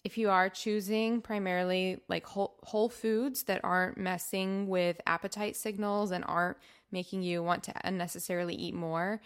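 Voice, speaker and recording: Young woman cohost, mid-pitched voice, careful and thoughtful, lots of "like", casual podcast chat. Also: steady tone, normal speed, clean tone. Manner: careful, qualifying, thoughtful with many "like"s. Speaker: podcast co-host.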